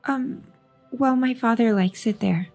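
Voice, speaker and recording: A woman's voice: fairly high pitch, a little slow, faint music behind. A woman voicing a timid, hesitant little girl. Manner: hesitant, soft-spoken.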